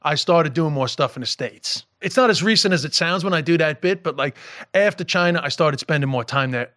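A man's voice: on the high side, a little fast, no room sound, clean studio sound. A middle-aged man with a mixed New York and Irish accent, a comedian chatting on a podcast, swearing freely and laughing as he tells stories. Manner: animated storyteller, swears freely, laughs while talking. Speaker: comedian guest. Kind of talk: casual podcast chat.

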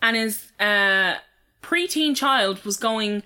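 A woman's voice: medium pitch, expressive, slow, pushed and bright, clear, resonant tone. A woman with a Dublin Irish accent, chatting casually and swearing freely as she tells stories. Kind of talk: casual chat.

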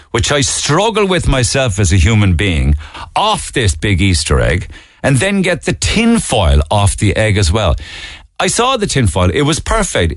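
A man's voice: medium pitch, no echo, studio quality. A man with a Cork accent hosting a radio talk show, chatting casually about the day's stories with wry, joking asides. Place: radio studio.

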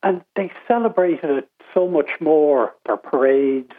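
A man's voice: on the high side, a little slow. Irish man chatting down a phone line. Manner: chatty anecdotal storytelling. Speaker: radio panelist. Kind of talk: casual radio chat.

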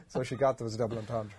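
A man's voice: mid-range voice, a little mellow, breathy edge. An Irish man, a radio co-host, making jokey, teasing asides in casual chat.

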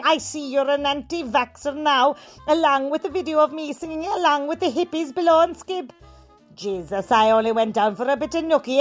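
A brazen, gossipy countrywoman, played by a woman, tells her tale in a North Cork accent. Her voice sits very high, and her delivery is bawdy and loose. Faint music runs underneath. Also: natural voice. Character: brash rural Irish woman writing in for advice. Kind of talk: comic radio sketch.

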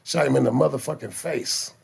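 A man telling street stories in casual chat, with profane slang, animated delivery and stammering restarts. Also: medium pitch, a little fast, vocal fry, breathy edge. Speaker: guest telling life stories.

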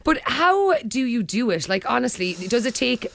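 An Irish woman hosting a live radio studio interview, bubbly and quick with her questions, laughing often. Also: fairly high pitch, big pitch swings, vocal fry, a bit bright, a little hiss or hum. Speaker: radio host.

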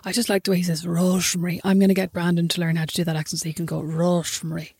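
An Irish woman co-hosting a podcast, chatting casually in an animated, indignant way. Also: fairly low pitch, very fast, husky, dry recording, clean studio sound. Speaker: podcast co-host. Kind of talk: casual chat.

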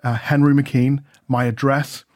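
A man's voice: medium pitch, level tone, measured pace, darkish tone, no room sound, studio quality. A man chatting on the radio as a reporter, emotional and self-deprecating. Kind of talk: casual radio chat.

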